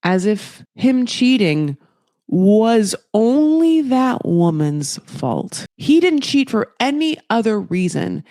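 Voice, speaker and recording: This young woman podcaster speaks slowly at a medium pitch while animatedly recapping a reality show, swearing a lot and mocking quoted people in changing voices. The sound is clean studio audio with no room sound.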